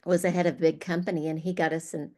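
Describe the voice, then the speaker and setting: An older woman guest, retired, telling lively stories from her career and laughing often. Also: lowish voice, quick pace. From Arizona, USA. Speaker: guest speaker. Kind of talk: storytelling.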